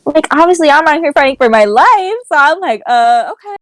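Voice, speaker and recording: Teen girl co-host, lively rambling storyteller, dry recording. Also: high voice, fairly quick, no room sound, rough recording. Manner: animated storytelling, many "like" fillers. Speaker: podcast co-host. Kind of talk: casual chat.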